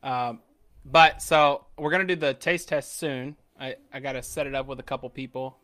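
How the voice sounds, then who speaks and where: A man from Florida with a Southern accent, co-hosting a casual podcast and telling stories with lively quoted back-and-forth. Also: medium pitch, normal speed, no room sound. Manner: animated storyteller, acts out quoted dialogue. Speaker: podcast co-host. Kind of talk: casual chat.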